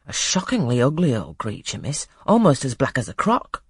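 An anxious footman, as a reader puts him on in a storybook reading. He speaks deferentially with lively ups and downs, husky and dry. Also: medium pitch, normal speed, dry recording, full character voice. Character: anxious male footman servant.

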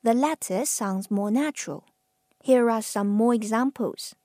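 A woman from China with a Chinese accent, teaching Mandarin tones with patient, drawn-out model words. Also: a little high, dark tone, no room sound, studio quality. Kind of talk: slow pronunciation lesson.

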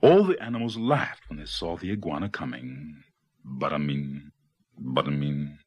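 A man reading a children's picture book aloud as the storyteller, with expressive delivery and playful sound effects. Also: sits low, normal speed, husky.

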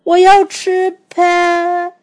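A woman doing a hungry slow-talking dinosaur. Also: extremely high pitch, completely flat delivery, darkish tone, voice pushed up. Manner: slow, drawn-out, emphatic words. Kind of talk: children's storybook reading.

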